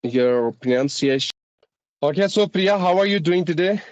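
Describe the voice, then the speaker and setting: A man's voice: fairly high pitch, animated, moderate pace, no echo, lo-fi sound. A man with an Indian accent who teaches English, hosting a casual speaking-practice conversation in a formal, articulate way.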